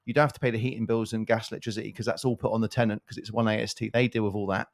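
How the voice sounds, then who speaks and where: A man's voice: fairly low pitch, flat delivery, vocal fry. A man co-hosting a property podcast, chatting about tenants and past projects with rambling asides. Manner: rapid rambling delivery with asides. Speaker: podcast co-host, property developer. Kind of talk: casual chat.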